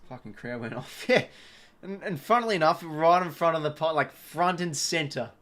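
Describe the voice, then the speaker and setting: Young Australian man, slightly high voice, live watch-along caller, excitable and sweary. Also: moderate pace. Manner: excitable, shouts at big moments, swears; chatty asides and thanks to viewers. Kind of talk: live fan commentary.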